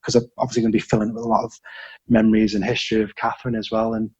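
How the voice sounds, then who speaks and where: A man's voice: on the low side, flat delivery, racing, darkish tone, slightly rough, lo-fi sound. A man in his forties from Britain, a podcast guest chatting casually, hesitant with many fillers and restarts. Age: 40s. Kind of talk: casual interview chat.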